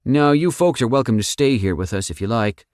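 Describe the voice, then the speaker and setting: A man's voice: medium pitch, animated, brisk, a little mellow, no room sound, clean studio sound, pitched above the performer's own voice, close to an everyday voice. A man doing a hearty country man. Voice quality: drawling country talk. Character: big folksy rural man, warm and hearty. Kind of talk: audiobook character voice.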